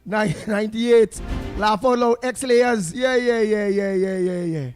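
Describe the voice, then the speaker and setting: A man's voice: high voice, unhurried, a little mellow, faint music behind. A man with a Trinidadian accent hosting a talk show, chatting in creole phrasing and rattling off listeners' names to greet them. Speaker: radio talk show host. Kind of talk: casual on-air chat greeting listeners.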